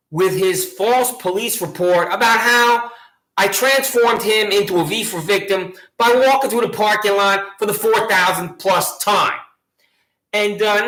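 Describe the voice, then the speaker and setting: A man with a high voice rants straight at a local official, sarcastic and combative as he reads out his own letters. His tone is bright and sharp. The sound bounces around a roomy, echoey space. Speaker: citizen reading his complaints to a sheriff. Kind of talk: angry direct-address monologue.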